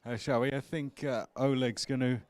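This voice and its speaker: A man's voice: medium pitch, steady tone, normal speed, a little mellow, no echo. A man interviewing drivers outdoors at a kart track in casual chat, upbeat and rallying, with many fillers and restarts.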